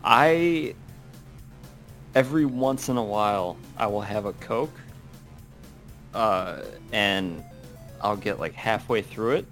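A man's voice: lowish voice, slow pace, long pauses, fairly bright tone, faint music behind. A man in casual chat, talking loosely with many fillers and restarts, swearing and laughing as he goes.

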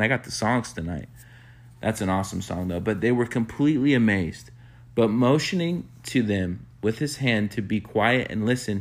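A man preaching a sermon, telling a story with animated quoted bursts and soft hushed reflective asides. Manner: animated storyteller, acts out quotes with sudden high-pitched bursts. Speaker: pastor.

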